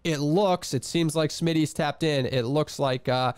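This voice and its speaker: A man's voice: on the high side, measured pace, smooth, dry recording. Rambling man chatting casually. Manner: rambling, repeats words when starting thoughts. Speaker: podcast host recapping a radio show. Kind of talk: casual chat.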